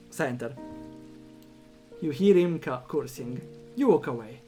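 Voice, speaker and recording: A man streaming a story game, reading the text aloud and reacting with animated commentary. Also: medium pitch, measured pace, soft background music. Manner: animated, reacts out loud, thinks aloud with fillers.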